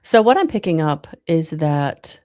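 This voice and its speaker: A woman giving live tarot readings to viewers, talking in a soft, spiritual way with many pauses and ums. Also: low voice, very animated. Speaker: tarot reader.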